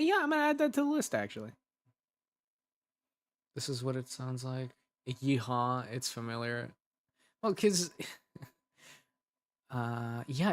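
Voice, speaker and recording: A man's voice: mid-range voice, vocal fry. A young adult man, an ASMR creator, rambling casually with restarts while chatting on a livestream.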